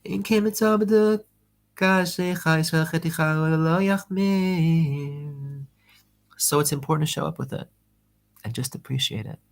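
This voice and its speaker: A man's voice: sits low, gravelly. A man giving a rambling, conversational lesson on religious texts, full of casual fillers. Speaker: Torah teacher.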